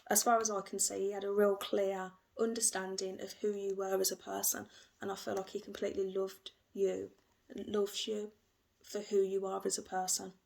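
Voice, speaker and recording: A woman giving an emotional, gentle tarot reading, repeating herself often. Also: mid-range voice, flat delivery, normal speed, creaky. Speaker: tarot reader.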